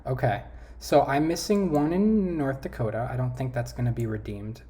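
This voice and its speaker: Talking casually over a map quiz game, a vlogger thinks aloud, trailing off and correcting themself. The voice is medium-pitched and dark in tone at a normal speed, recorded on a desk mic.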